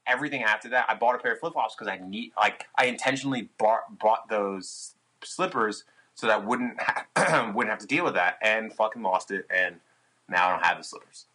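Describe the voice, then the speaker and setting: A young man with a low, bright, forceful voice tells a rambling tour story as a podcast guest. He swears freely and jumps up in pitch when he acts out his own panicked past self. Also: moderate pace, poor audio. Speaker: podcast guest, touring musician. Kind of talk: casual storytelling chat.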